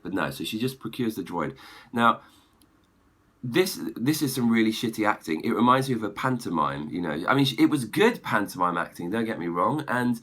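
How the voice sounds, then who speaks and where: A man giving an exasperated, opinionated film review rant, clearing his throat often. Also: fairly low pitch, animated, moderate pace, fairly bright tone. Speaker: movie reviewer.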